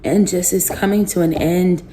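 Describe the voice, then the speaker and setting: A woman vlogging to her viewers, emotionally exhausted and close to tears, her talk halting and often dropping to a near whisper. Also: lowish voice, steady tone, warm tone. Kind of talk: emotional personal vlog.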